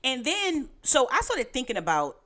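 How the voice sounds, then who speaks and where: Woman, Brooklyn accent, middle-aged, lively swooping voice, teasing podcast chatter. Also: high voice, moderate pace. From Brooklyn, New York. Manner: animated, laughing, teasing. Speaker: podcast co-host. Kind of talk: casual chat.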